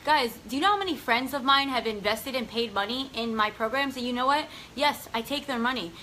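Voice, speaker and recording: Woman coach, high voice, bright tone, chatty, emphatic, faint noise behind. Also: a little fast, poor audio. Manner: energetic, emphatic, chatty with many "right?" and "like". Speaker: spiritual business coach. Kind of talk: casual motivational livestream talk.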